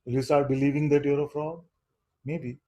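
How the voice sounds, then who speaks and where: A man giving a satsang talk as a spiritual teacher, speaking in an unhurried, questioning way and often asking "you see?". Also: on the high side, little pitch movement, mellow, low-quality recording.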